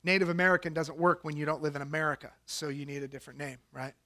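A middle-aged pastor delivering a sermon with a high, light male voice. He talks like he's chatting with friends, building up to lively, animated storytelling when he recounts anecdotes. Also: fast.

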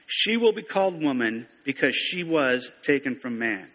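A man's voice: a little high, brisk, hardly any pauses, pushed and bright. A man preaching a sermon in a conversational, folksy way, often correcting himself mid-sentence. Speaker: pastor. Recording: long reverb of a large hall.

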